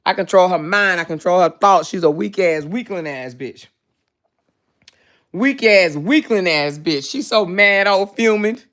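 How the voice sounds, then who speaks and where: A woman's voice: lowish voice, lively intonation, unhurried, fairly bright tone. A woman hosting a casual livestream, talking in a brash, profane, mocking way. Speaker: livestream host.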